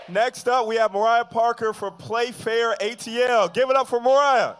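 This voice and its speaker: Guy emceeing a rally, real high voice, slow drawn out shouting, faint crowd behind. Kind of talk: hyping a crowd between speakers. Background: faint crowd noise.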